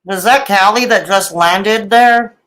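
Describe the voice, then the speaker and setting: A woman's voice: mid-range voice, takes it slowly, a bit bright, low-quality recording. A middle-aged woman doing live reaction commentary, sarcastic and mocking, with dramatic asides and laughs. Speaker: reaction streamer.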